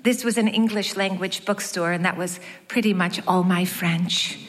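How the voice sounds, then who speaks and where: A woman narrating her own story as an audiobook, wry and measured with light self-mockery. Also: lowish voice, steady tone, slight background noise. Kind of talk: first-person audiobook narration. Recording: long hall reverb.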